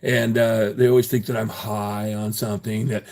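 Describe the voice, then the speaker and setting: A man's voice: fairly low pitch, little pitch movement, moderate pace, darkish tone. A man on a casual livestream who rambles through his stories with lots of ums and restarts. He taunts his chat with crude language and laughs as he talks. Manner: taunting, profane, laughing at viewers; rambling with many fillers and restarts.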